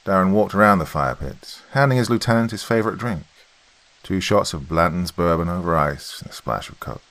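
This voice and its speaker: Deep deep voiced guy reading horror stories, slow and steady. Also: poor audio. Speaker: narrator. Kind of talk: scripted horror story narration.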